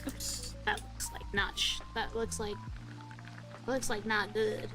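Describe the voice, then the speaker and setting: A woman's voice: mid-range voice, level tone, takes it slowly, music in the background, poor audio. A young woman streaming while she draws, chatting casually in a rambling, self-deprecating way full of fillers. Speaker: art streamer.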